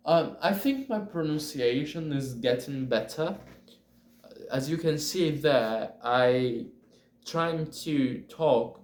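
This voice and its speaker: A Brazilian man speaking English as a learner with a Brazilian Portuguese accent, talking casually to the camera and pausing often to find his words. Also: mid-range voice, darkish tone, a little hiss or hum. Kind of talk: casual self-recorded video. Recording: roomy echo.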